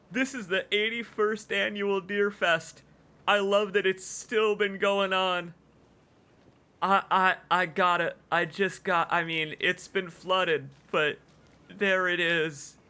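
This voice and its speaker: A man streaming a video game, commenting excitedly and emotionally, gushing and laughing often. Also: sits high, slow pace. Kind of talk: let's play commentary.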